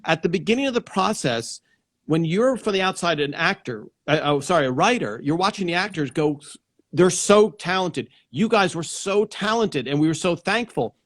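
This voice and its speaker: A man's voice: sits high, lively intonation, moderate pace, a bit bright. A man hosting a casual live interview over a video call, rambling and restarting his sentences as he talks. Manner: rambling, restarts sentences, repeats "yes" and "yeah". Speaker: host.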